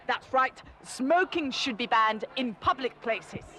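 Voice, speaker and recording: A man's voice: very high voice, lively intonation, bright, forceful tone, full character voice. An actor playing a fussy male protester who defends his new car in a TV sketch. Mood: earnest. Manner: defensive, quick to argue.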